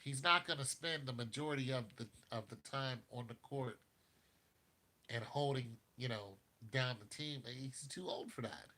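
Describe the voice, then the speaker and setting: A man hosting a casual basketball talk show, animated, laughing often and talking straight to his viewers. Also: mid-range voice, normal speed. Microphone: streaming mic.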